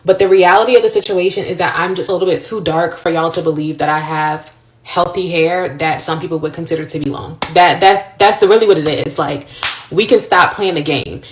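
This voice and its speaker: A woman's voice: fairly low pitch, brisk, reverberant. A woman ranting in a vlog, outspoken and frustrated. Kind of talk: vlog rant.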